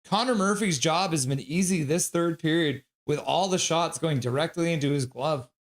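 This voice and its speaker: A man calling hockey play-by-play on a fan livestream, brisk on the action and joking while reading chat. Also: on the high side. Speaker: play-by-play caller.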